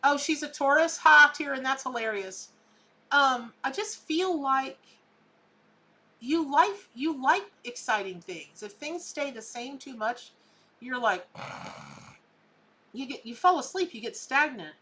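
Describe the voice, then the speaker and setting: A woman's voice: sits high, expressive, takes it slowly, pauses often, pushed and bright. A woman, hosting a live tarot reading in a chatty, emphatic way. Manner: chatty and emphatic, repeats words for effect. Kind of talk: casual live psychic reading.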